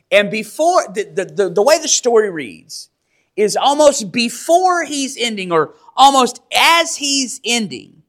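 A man preaching a sermon, asking his listeners questions and acting out the people in the story. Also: high-pitched. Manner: animated, acts out quotes, asks the audience questions. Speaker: pastor.

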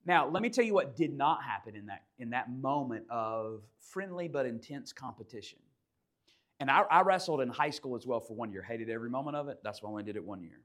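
A man preaching a sermon, telling a personal story in a conversational way that swings from hushed asides to loud bursts. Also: medium pitch, animated, fast. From South Georgia, USA. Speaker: pastor.

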